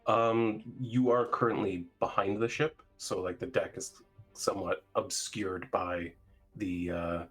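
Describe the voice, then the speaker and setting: A man narrating a tabletop game as dungeon master, halting and searching for words with many fillers. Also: lowish voice, fairly even intonation, a bit bright, breathy edge, faint music behind.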